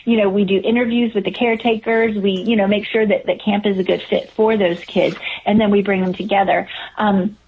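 A woman's voice: mid-range voice, steady tone, fairly quick, hardly any pauses, a little hiss or hum. A woman guest talking earnestly about her camp work, with many fillers and restarts, heard over a video call. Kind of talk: casual interview talk. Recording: tinny phone-like call line.

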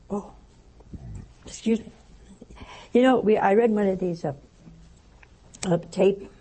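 A woman giving a spiritual talk, telling a story in a lively way and acting out the voices she quotes. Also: mid-range voice, slow pace, long pauses, slightly rough, poor audio. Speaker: religious teacher.

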